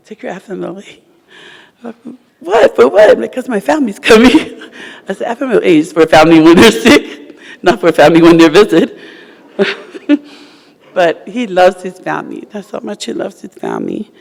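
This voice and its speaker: A widow delivers a funeral eulogy with a gravelly, rough edge to her voice, her words coming in halting, broken-off pieces. Her voice trails off into the long reverb of a large hall. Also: medium pitch, darkish tone. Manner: emotional, halting, with broken-off phrases.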